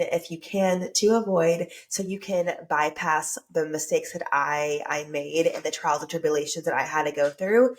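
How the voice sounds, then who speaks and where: With a deep voice, a woman runs a solo podcast meant to motivate listeners. She stays earnest and upbeat even though her nose is blocked and her throat is sore.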